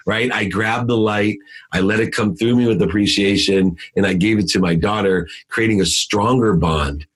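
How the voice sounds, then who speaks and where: A middle-aged man speaks as a podcast guest with a low, husky voice. He tells a motivational story with intensity and emphasis. He swings between loud, forceful lines and hushed ones.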